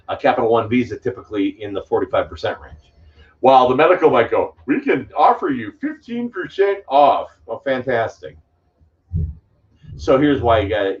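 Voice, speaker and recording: A man coaching on credit repair in a live question-and-answer stream, blunt and emphatic, rambling between points with sudden loud outbursts. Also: mid-range voice. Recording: distant mic, dull muffled sound.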